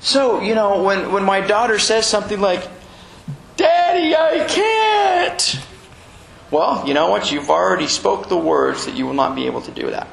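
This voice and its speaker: A man preaching a sermon in a church, animated and chuckling as he acts out little quotes. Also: high voice, brisk, creaky, few pauses. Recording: echoey room with faint noise.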